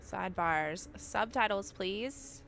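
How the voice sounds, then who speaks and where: A woman's voice: medium pitch, animated, slow pace, gravelly, fairly bright tone, slight background noise. A woman live streaming from home, chatting casually and swearing freely as she talks straight to her viewers while setting up a game.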